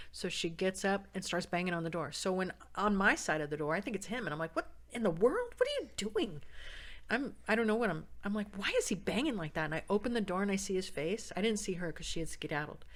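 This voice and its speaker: Animated woman telling a personal story. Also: fast talker, hardly any pauses. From San Diego. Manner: acts out the quoted voices with big jumps in pitch and loudness. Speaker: podcast guest.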